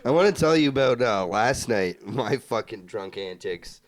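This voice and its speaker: A man's voice: mid-range voice, expressive, normal speed. A young man co-hosting a casual podcast, rambling through his drunk stories and mocking himself with plenty of swearing. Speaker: podcast co-host. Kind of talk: casual chat.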